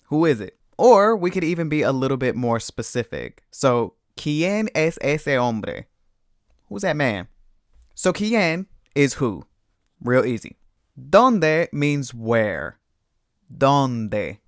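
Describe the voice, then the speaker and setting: A man teaching a Spanish lesson, explaining patiently and clearly with lively emphasis. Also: mid-range voice, takes it slowly, dry recording, studio quality. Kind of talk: scripted language lesson.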